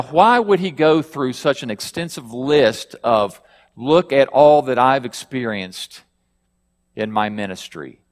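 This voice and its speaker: A man's voice: medium pitch, long reverb tail. A male pastor preaching a sermon, reading scripture aloud with rising emphasis and asking his listeners questions.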